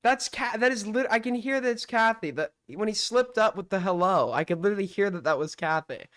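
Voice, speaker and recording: A man's voice: high voice, expressive, brisk, a bit bright. A young man hosting a live stream with call-ins, casual and mocking as he accuses a caller.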